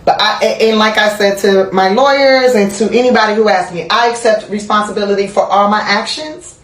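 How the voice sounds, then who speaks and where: A woman telling a candid personal story in a casual interview, animated and profane, laughing as she goes. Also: medium pitch, fairly quick, reverberant. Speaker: interview guest.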